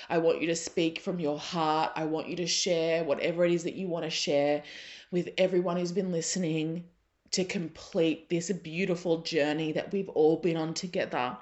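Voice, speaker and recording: A low-pitched woman in her thirties hosts her own podcast and talks straight to her listeners, earnest and openly emotional. She slips between laughter and tears as she speaks. The sound is a little dull and lo-fi. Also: moderate pace. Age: 30s. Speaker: podcast host. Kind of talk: emotional solo podcast monologue.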